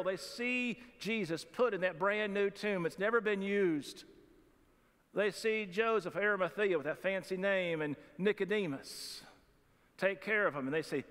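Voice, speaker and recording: A man's voice: high voice, fairly bright tone. A man preaching a sermon as pastor, in a folksy, conversational way with humorous asides. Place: church sanctuary. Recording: long reverb of a church hall.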